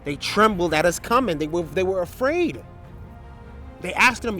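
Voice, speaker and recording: Dude breaking down bible stories, kinda high voice, keeps tagging stuff on, faint music behind. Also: male voice, very animated, fairly quick, bright, forceful tone. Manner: loose and conversational, full of filler tags and restarts, reads scripture aloud. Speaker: Bible teacher. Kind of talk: casual Bible study talk.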